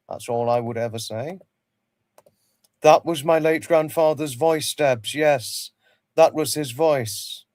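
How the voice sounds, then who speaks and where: Male livestream host, mid pitch, rambling and repetitive, greets fans by name; dry, close sound. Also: a little mellow, no echo. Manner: rambling, repeats himself, greets viewers by name. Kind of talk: casual chat with viewers.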